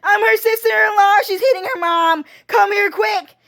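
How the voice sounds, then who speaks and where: A woman's voice: extremely high pitch, fairly even intonation, moderate pace, creaky, fairly bright tone, shouting, voice pushed up, heavily acted. A woman voicing a hysterical, furious adult woman who shrieks, sobs and curses at top volume. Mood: hysterical fury. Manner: shrieking, sobbing, cursing.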